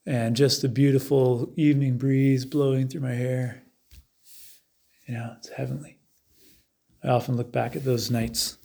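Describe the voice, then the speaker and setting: A man leading a guided meditation in a relaxed, conversational way, telling the scene vividly and acting out the chants and voices of a crowd. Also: mid-range voice, measured pace, creaky, pauses often.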